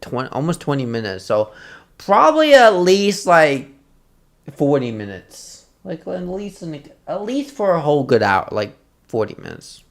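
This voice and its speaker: A man's voice: on the high side, measured pace. Laughing, swearing male streamer. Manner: laughs often, swears, animated storytelling. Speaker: streamer reacting to videos. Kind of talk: casual reaction commentary.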